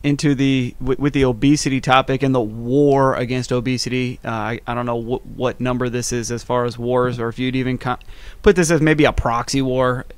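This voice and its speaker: A man co-hosting a casual podcast, talking in deadpan sarcasm and pausing on many fillers. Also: medium pitch, clean tone, dry recording. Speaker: podcast co-host. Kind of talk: casual round-table chat.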